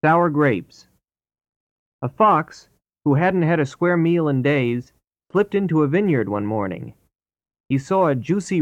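A man narrating fables in a clear, steady, scripted storybook reading. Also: on the high side, dry recording. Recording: dull lo-fi audio.

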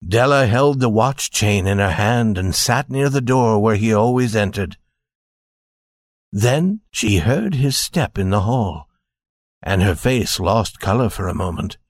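Gentle male storyteller, unhurried pace, low voice, dry close recording. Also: expressive, no echo. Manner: gentle, addresses listeners directly. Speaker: narrator. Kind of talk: slow storybook narration.

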